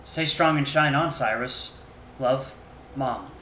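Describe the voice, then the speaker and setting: A man's voice: mid-range voice, takes it slowly, slight background noise. A man reading as a loving mother's farewell. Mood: tender. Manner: gentle, heartfelt. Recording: roomy echo.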